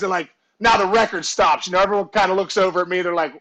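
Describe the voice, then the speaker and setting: High, gravelly-voiced animated man storyteller. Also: fast talker, poor audio. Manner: animated, acts out voices and shouts in his stories. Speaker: guest storyteller, former ballplayer. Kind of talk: casual storytelling chat.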